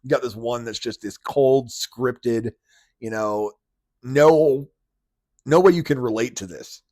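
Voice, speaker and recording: Incredulous ranting podcast host, dry sound. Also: male voice, mid-range voice, slow, a little mellow, dry recording. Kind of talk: casual commentary.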